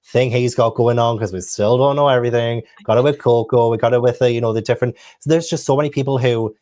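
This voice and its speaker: A man's voice: medium pitch, steady tone, quick pace, darkish tone. Thoughtful man hosting a casual chat. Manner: thoughtful, rambling with many fillers. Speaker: host.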